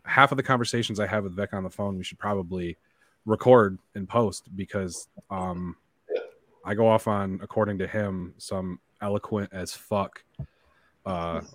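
A man with a smooth, deep voice chatting casually on a podcast, rambling and swearing freely. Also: dry recording. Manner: rambling, profane, laughs loudly. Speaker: podcast co-host. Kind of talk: casual chat.

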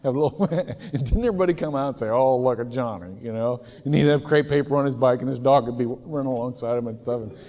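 A man from Ohio preaching a sermon in a casual, storytelling way, with occasional loud shouted impressions. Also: medium pitch, quick pace, hardly any pauses. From Ohio, USA. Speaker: pastor. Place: large church sanctuary. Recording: church hall reverb.

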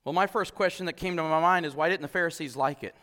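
A male pastor preaching an animated sermon, acting out voices and laughing often. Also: on the high side, quick pace, big-room sound.

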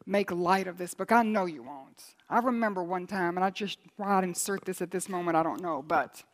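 A woman preaching a sermon, moving between hushed near-whispers and loud, emphatic passages. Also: fairly low pitch, brisk.

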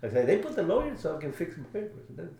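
A man whose first language is Spanish, telling stories in casual conversation, halting and restarting often. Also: on the high side, huge pitch swings, dark tone, echoey room. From Mexico. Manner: halting, many fillers and restarts. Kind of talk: casual storytelling.

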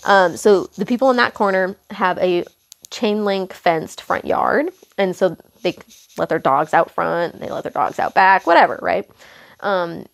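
Rambling woman with a lively, gravelly voice. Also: on the low side, unhurried. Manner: rambling, self-correcting, lots of fillers and asides. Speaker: podcast host. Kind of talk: casual storytelling monologue.

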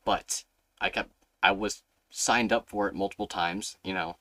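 A man's voice: lowish voice, steady tone, normal speed, fairly bright tone, dry recording. A young man hosting a podcast, telling a rambling, swear-filled story in casual chat and acting out his younger self. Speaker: podcast host.

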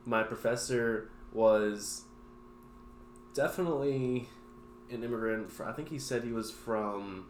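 A man's voice: medium pitch, a little slow, a little hiss or hum. A young man co-hosting a podcast, telling stories casually and swearing freely. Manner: crude, storytelling, swears freely. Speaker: podcast co-host. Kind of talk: casual chat. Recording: echoey room.

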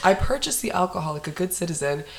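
A woman's voice: fairly low pitch, fast talker, slight background noise. Laughing young woman telling a story. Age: young adult. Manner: animated, laughing, heavy use of "like", swears freely. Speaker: podcast host. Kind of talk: casual storytelling chat. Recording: echoey room.

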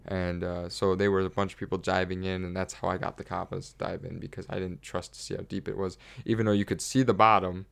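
Gravelly deep-voiced man chatting casually. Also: level tone, fast, hardly any pauses, a bit bright. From United States. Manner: rambling, many restarts and laughs. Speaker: podcast co-host. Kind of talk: casual chat.

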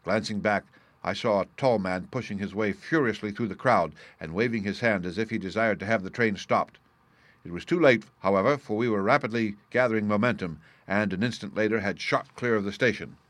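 A man reads a classic story aloud in a steady, measured manner. His voice sits fairly low. The sound is dry and close, with no room around it. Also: no echo. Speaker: audiobook narrator. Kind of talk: scripted narration.

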